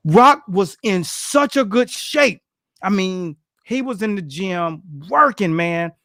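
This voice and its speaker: Animated high-voiced man telling boxing stories. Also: takes it slowly, no room sound, studio quality. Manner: animated, slangy, acts out quotes with grunts and laughs. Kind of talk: casual storytelling chat.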